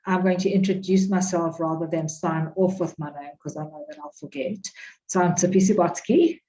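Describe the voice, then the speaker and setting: A woman's voice: lowish voice, moderate pace, warm tone. A woman accountant sharing a heartfelt message in a casual online chat. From South Africa. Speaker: accountant and guest. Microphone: video call. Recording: dull lo-fi sound.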